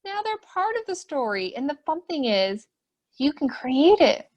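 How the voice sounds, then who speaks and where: Reading a picture book aloud over a computer mic, a woman hosts a webinar for preschoolers, filling each page with gasps and questions for the kids. Her high voice swoops widely in a sing-song, slightly slow delivery with a darkish tone. She's a children's program host, and the audio sounds dull.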